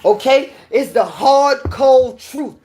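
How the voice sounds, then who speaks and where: A woman's voice: sits high, expressive, takes it slowly, warm tone. A woman from New York with a New York accent, giving a heated, preachy opinion rant and repeating her points.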